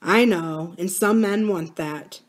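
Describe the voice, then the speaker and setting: A woman reading the part of a thoughtful older farmer, in a musing, gently philosophical manner. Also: high voice, slow. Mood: gentle.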